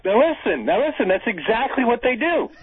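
A man's voice: very high voice, sing-song, a little fast, breathy edge. A man co-hosting a casual political talk radio chat, sardonic and conspiratorial. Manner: sardonic, conspiratorial, talks over his cohost. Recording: tinny phone-line sound.

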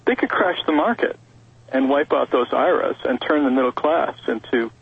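A man's voice: mid-range voice, normal speed, gravelly, slightly rough. A man calling in to a talk radio show, rambling with fillers and restarts, heard over a phone line. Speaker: caller. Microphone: telephone.

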